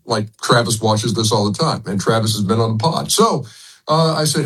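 A man's voice: lowish voice, moderate pace, slightly rough, rough recording. An older man, a sports broadcaster, talking as a guest in a casual radio interview, rambling with frequent restarts and chuckles.

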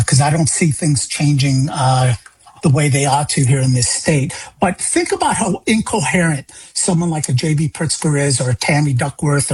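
A man's voice: on the high side, darkish tone, breathy edge, poor audio. An indignant, impassioned man from Illinois, speaking as a guest in a TV news interview about his loss. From Illinois, USA. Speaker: interview guest, grieving father.

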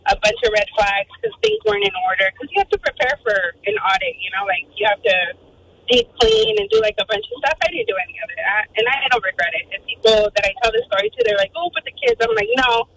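A woman calling in to a radio show, telling a story quickly and acting out the voices of people in it. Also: a little high, vocal fry, a little hiss or hum, rough recording. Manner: fast, animated, acts out quoted voices. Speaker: caller. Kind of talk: phone-in storytelling.

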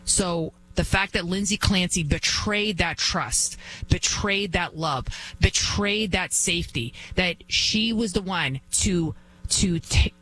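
A woman's voice: fairly low pitch, a bit bright, slight background noise, low-quality recording. A woman filling in as a talk radio host, giving an emphatic, indignant monologue with lots of repetition.

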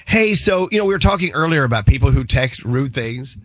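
A man's voice: mid-range voice, expressive, brisk, dry recording. Playful male radio show host. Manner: playful, laughs often, reads texts aloud. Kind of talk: casual radio banter.

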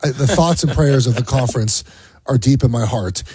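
A man's voice: mid-range voice, normal speed, mellow, breathy edge, no room sound. A man co-hosting a sports radio show, sarcastic and mock-mournful, talking in a rambling way with many restarts. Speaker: radio co-host, former NFL player.

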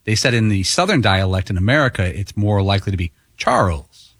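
A man's voice: lowish voice, very animated, a little fast, fairly bright tone, husky, no room sound, clean studio sound. A man on a radio crew explaining things in a matter-of-fact way. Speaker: show crew member. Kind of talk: casual studio banter.

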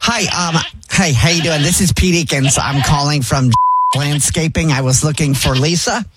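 A man's voice: a little high, normal speed, very noisy, natural voice. A man playing a flustered, apologetic landscaper on a prank phone call, hesitant and full of ums and restarts. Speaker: prank caller.

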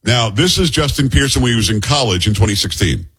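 A man's voice: medium pitch, lively intonation, fast talker, a bit bright, slightly rough. A man with a New York accent hosting political commentary, blunt and sarcastic. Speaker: host commentator.

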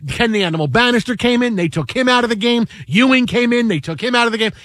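A man's voice: very high-pitched, fast talker, fairly bright tone, dry recording, studio quality. A man hosting a casual sports talk show, rambling and repeating himself as he talks games.

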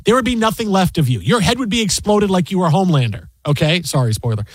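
Man, fifties, talk host, high-pitched, dry close sound, animated storyteller. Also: quick pace, breathy edge, dry recording. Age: 50s. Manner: animated storytelling, many restarts. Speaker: show host. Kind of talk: casual chat.

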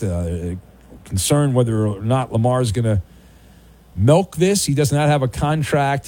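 A man hosting a sports radio show, chatting casually and teasing his callers. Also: medium pitch. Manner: animated, talkative, quick to tease callers.

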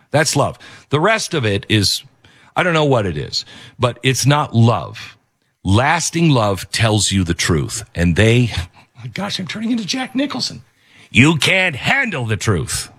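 A man's voice: lowish voice, no echo, clean studio sound. Emphatic male commentary host. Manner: emphatic, repeats key phrases. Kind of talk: opinionated commentary.

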